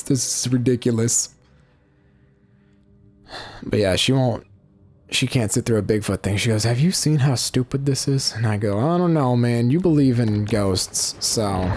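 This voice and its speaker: A man's voice: medium pitch, a little mellow, slight background noise. Rambling man commenting on gameplay. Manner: rambling, self-interrupting, searching for words. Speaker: let's play host. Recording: game music playing behind.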